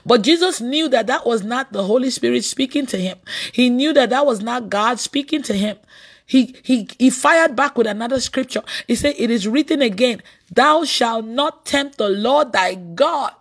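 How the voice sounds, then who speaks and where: A woman preacher gives a lively sermon, slipping into a storytelling tone. Her voice sits a little high. She breaks into laughter and sudden exclaimed shouts as she tells her stories.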